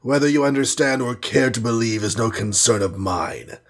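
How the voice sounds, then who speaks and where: A man's voice: medium pitch, moderate pace, lightly acted. A man reading a storybook and voicing a scheming alien villain from the future, condescending and bland, sprinkling in foreign words. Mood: smug. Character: sneering scheming male alien time-traveler villain.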